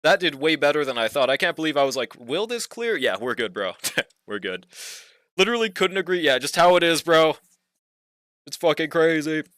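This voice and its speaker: A man's voice: on the high side, a little fast, fairly bright tone, dry recording, studio quality. A young man streaming a game, chatting casually with viewers, slangy and laid-back, swearing and laughing often. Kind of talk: casual livestream chat while gaming.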